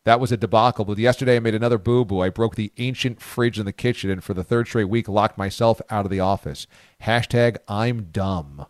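A man hosting a sports talk radio show, animated and incredulous, cracking jokes and reading out listener posts. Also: fairly low pitch, brisk, no room sound, clean studio sound.

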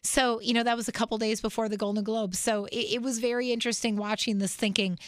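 A woman's voice: a little high, little pitch movement, quick pace, no room sound. A sick, congested woman guest on a podcast, telling a story animatedly with frequent restarts. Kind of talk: casual interview chat.

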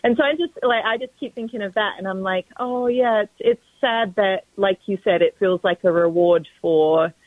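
A woman with a British accent, a guest in a radio interview, relaxed and agreeable, often saying like. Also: mid-range voice, normal speed, hardly any pauses, no room sound. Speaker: guest, company executive. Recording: tinny phone line.

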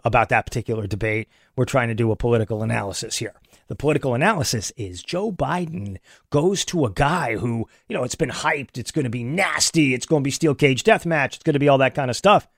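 A man giving opinionated political commentary in an animated way, with many restarts. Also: mid-range voice, dry recording, studio quality.

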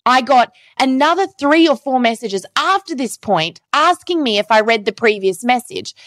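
Animated woman podcast host, lively pitch. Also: moderate pace, no echo. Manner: animated storytelling, acting out quoted messages. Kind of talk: solo podcast monologue.

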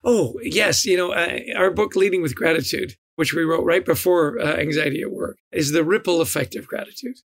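High, gravelly enthusiastic man. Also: normal speed, hardly any pauses, no room sound. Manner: enthusiastic, storytelling, repeats words. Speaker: guest, leadership author. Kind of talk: podcast interview.

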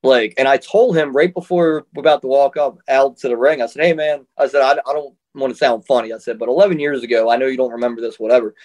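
A man in an interview, a professional wrestler telling stories in a relaxed, chatty way and laughing often. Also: medium pitch, quick pace, few pauses. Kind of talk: casual storytelling.

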